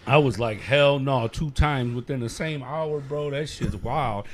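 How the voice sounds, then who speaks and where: A man's voice: mid-range voice, a little slow. A man guest on a podcast, chatting casually, swearing and acting out quotes as he tells stories. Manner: animated, swears, acts out quotes. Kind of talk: casual chat, storytelling.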